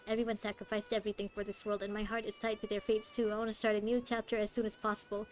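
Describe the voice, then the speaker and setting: A woman reading aloud the lines of a wistful young girl in a game, in a quiet, musing way. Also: medium pitch, flat delivery, rapid-fire, soft background music, close to an everyday voice.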